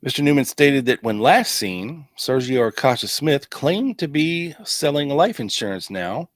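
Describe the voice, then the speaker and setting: Podcast host guy reading old files out loud, wry little asides, dry close mic. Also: mid-range voice, expressive, measured pace, no room sound. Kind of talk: casual chat, reading documents aloud.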